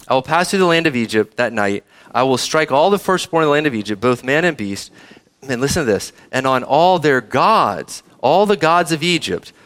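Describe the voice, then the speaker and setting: A man preaching a sermon, reading verses and asking the congregation questions, speaking to kids too. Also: a little high. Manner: animated preaching, asks the audience questions, addresses kids. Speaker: pastor.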